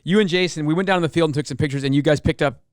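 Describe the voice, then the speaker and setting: A man's voice: on the high side, racing, dry recording, studio quality. A man hosting a podcast, rambling through a story with plenty of swearing. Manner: rambling, swears, reads timestamps aloud. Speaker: podcast host. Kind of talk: casual podcast chat.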